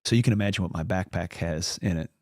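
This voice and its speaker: A fast-talking man with a low voice appears as a podcast guest, rambling casually through a long anecdote and performing the lines of the people in it. The studio sound is clean, with no echo.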